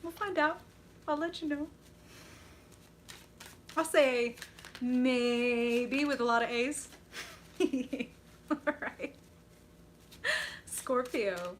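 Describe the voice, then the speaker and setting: A woman's voice: high-pitched, very slow, pauses often, slight background noise. A young woman hosting a live tarot reading stream, gushing and enthusiastic as she reacts to viewers. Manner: bubbly, gushing, reacts to chat with excited squeals.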